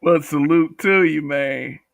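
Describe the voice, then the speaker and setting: A man's voice: fairly high pitch, slow, creaky, no room sound, clean studio sound. A man hosting a livestream, talking bluntly with profanity and reading viewer comments. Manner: blunt, profane, talks back to chat.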